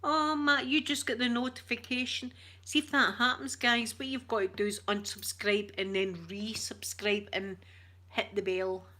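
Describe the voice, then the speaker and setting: A Scottish woman chatting with her viewers on a live stream, switching between whispers and soft talk. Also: a little high, level tone, moderate pace. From Scotland. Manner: uses Scottish words like wee.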